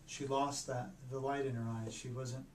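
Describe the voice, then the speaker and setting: A man's voice: medium pitch, little pitch movement, a little mellow, a little hiss or hum. Earnest man telling a story in an echoey room. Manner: earnest, halting storytelling with many restarts. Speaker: doctor. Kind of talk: personal storytelling talk. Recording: echoey room, mic at a distance.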